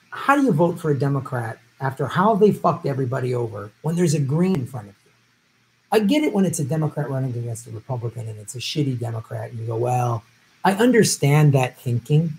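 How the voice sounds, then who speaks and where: A man's voice: medium pitch, a little hiss or hum, rough recording. A man hosting a live stream, giving blunt, profane, opinionated commentary on election-night results.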